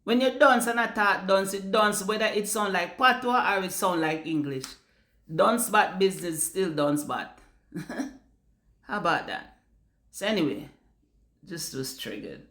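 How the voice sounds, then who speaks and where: A woman's voice: medium pitch, animated, normal speed, fairly bright tone. Jamaican woman, blunt and emphatic, casual vlog rant, patois slipping in, roomy echo. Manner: blunt, emphatic, mixes in patois, swears freely. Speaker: vlogger. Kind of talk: casual ranting monologue.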